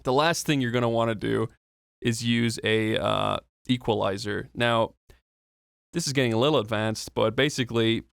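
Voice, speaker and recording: Casual man explaining audio, smooth dry voice. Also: medium pitch, moderate pace, a bit bright, dry recording. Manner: loose, explaining step by step with fillers and the odd swear. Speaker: audio tutorial presenter. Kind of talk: casual spoken tutorial.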